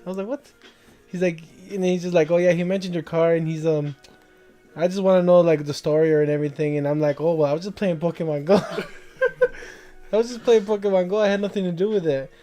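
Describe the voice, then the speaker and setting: A man's voice: high-pitched, a little fast, dark tone, soft background music. A young man casually telling a long, rambling story to friends, laughing as he goes.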